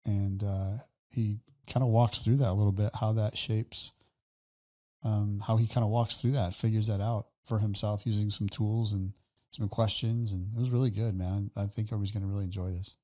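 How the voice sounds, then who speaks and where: A man co-hosting a podcast in casual chat, friendly and quick to laugh along. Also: lowish voice, little pitch movement, a little mellow. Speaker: podcast co-host.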